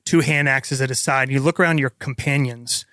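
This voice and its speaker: A man's voice: mid-range voice, moderate pace, pushed and bright, no room sound, studio quality. A man narrating a tabletop game as game master, painting vivid scenes with casual fillers.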